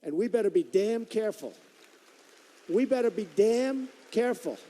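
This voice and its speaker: A man in his sixties delivers a campaign rally speech, his fairly high voice swinging widely in pitch. He talks in a repetitive, boastful, conversational way, and his mellow tone rings out with long reverb in a big hall. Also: animated, normal speed. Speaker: political candidate at a rally. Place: large performing arts hall.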